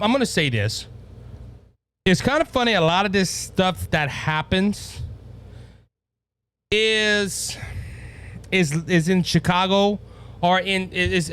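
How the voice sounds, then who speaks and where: A man with a Cajun accent hosting a conservative political commentary show, talking in an impassioned, repetitive way with many stammered restarts. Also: high voice. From Louisiana. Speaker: podcast host.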